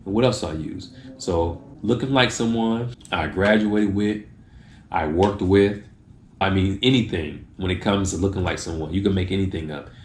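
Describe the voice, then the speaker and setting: A man with a very low voice talks casually to the camera, sharing tips and now and then acting out a short exchange. The room is echoey, with a faint hiss under the voice. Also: normal speed. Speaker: video host giving tips.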